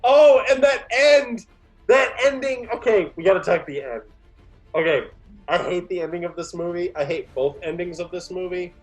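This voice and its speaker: A man's voice: high voice, normal speed, soft background music. A man co-hosting a podcast, talking about a film in a casual, blunt and dismissive way, with lots of "like". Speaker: podcast co-host. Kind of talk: casual movie chat.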